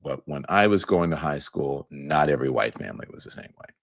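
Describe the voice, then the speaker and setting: A man in his fifties with a very low, deep voice hosts his show and talks straight to his viewers. He tells a story at an easygoing pace, with loose phrasing and plenty of filler words. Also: fairly quick, gravelly. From Louisiana, US. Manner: relaxed storytelling, conversational, many fillers. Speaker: show host. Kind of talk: casual monologue to viewers.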